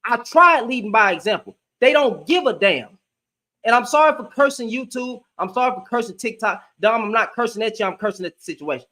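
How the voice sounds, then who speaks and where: A man's voice: very high voice, expressive, fairly quick, pushed and bright. A young man hosting a heated live debate, ranting fiercely and cursing freely. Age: young adult. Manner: fiery, profane, ranting.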